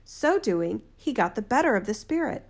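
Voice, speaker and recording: A woman narrating a fairy tale in a steady, measured reading voice. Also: fairly high pitch. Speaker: storyteller. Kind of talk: storybook narration.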